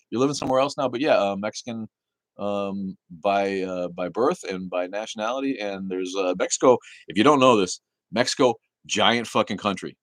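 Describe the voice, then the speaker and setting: This host's voice is fairly low in pitch with a bit of brightness, recorded with no room sound. Relaxed and easygoing, he reads out chat during his casual livestream, swearing offhandedly and laughing a lot.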